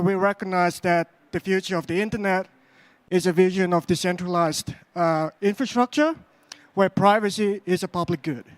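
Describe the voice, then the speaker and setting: A man from Australia with an Australian accent giving a conference talk on stage, speaking slowly and carefully with frequent fillers. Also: sits high, no room sound. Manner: deliberately slow, careful delivery with frequent "uh" fillers.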